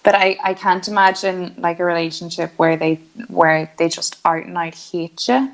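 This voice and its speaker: A woman's voice: lowish voice, steady tone, moderate pace. Chatty young woman telling a story. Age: 20s. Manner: storytelling, acting out quotes, laughing often. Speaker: podcast co-host. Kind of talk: casual chat.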